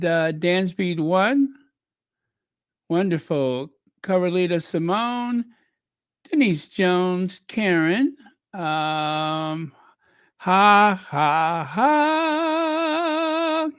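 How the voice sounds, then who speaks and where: Slow, chatty livestream host. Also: mid-range voice, clear, resonant tone, no room sound, clean studio sound. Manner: chatty, greets viewers by name. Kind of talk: casual livestream chat.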